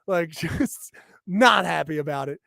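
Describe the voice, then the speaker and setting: A man's voice: a little high, expressive, measured pace, gravelly, pushed and bright, no echo, clean studio sound. A man co-hosting a casual podcast, telling a heated, profane story as a rant. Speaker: podcast co-host.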